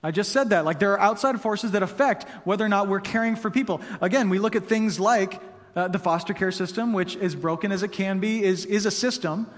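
A man's voice: high voice, brisk. A man preaching a sermon as pastor, conversational and prone to restarts and casual asides. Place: church hall. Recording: long hall reverb.

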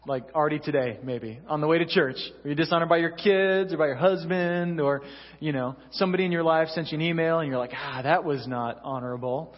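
A young male pastor delivers a chatty, story-driven sermon in a slightly high, husky voice. The sound is dull and lo-fi, with a long hall reverb around him. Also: quick pace. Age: young adult. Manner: conversational storytelling, frequent "you know". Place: church sanctuary.

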